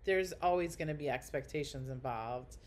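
A woman's voice: low-pitched, moderate pace, a little mellow. A woman guest on a podcast, telling a story in casual chat, blunt and crude, acting out quotes with big jumps in her voice.

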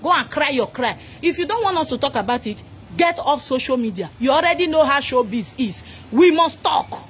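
Scolding high-voiced Nigerian woman. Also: lively intonation, normal speed, a little hiss or hum. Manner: scolding, mocking, mixing pidgin. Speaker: commentator. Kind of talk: angry reaction rant.

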